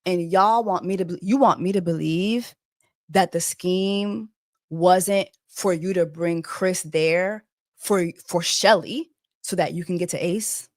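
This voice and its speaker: A woman's voice: lowish voice, takes it slowly, darkish tone, no echo, studio quality. A woman hosting a casual commentary video, emphatic and profane, repeating her points. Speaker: host.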